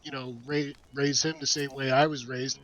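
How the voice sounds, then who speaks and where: A man's voice: medium pitch, flat delivery, moderate pace, fairly bright tone, soft background music, poor audio. A man chatting casually on a stream, hesitant and often restarting his sentences. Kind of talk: casual chat on a live stream.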